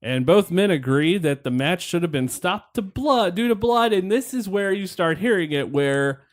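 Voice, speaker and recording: A man's voice: sits high, animated, normal speed. A man hosting a podcast, rambling through a wrestling match recap in casual chat, wry and laughing, with the odd swear. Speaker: podcast host.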